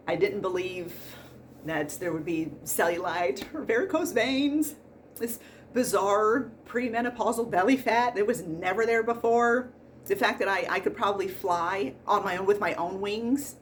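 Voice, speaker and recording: A woman's voice: medium pitch, slight background noise. A woman in her forties, a nurse hosting a podcast, telling work stories in a casual comedic monologue with exasperated, laughing rants. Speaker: pre-surgery nurse and podcast host.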